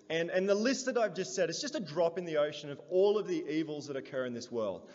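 A man's voice: on the high side, animated, a little fast, hardly any pauses, darkish tone. A man preaching a sermon to his congregation, asking them earnest questions and building in force as he goes. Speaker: pastor. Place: church hall. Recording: dull, roomy church sound.

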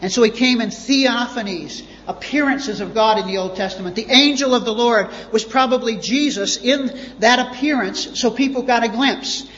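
A man's voice: extremely high pitch, normal speed, few pauses, fairly bright tone. A man preaching a sermon as pastor, emphatic and repeating words for stress. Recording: dull lo-fi audio with long reverb.

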